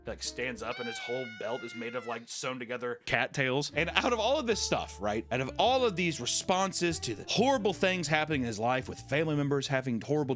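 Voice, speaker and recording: A man hosting a comedy podcast, telling a story with jokes and silly voices. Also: mid-range voice. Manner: animated, jokey, swings into silly voices. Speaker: podcast host.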